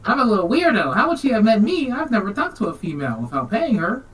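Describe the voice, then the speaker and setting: A man voicing an awkward, lonely young man in a squeaky, self-mocking voice. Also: sing-song, fast talker, slightly rough, recorded from a distance, heavily acted.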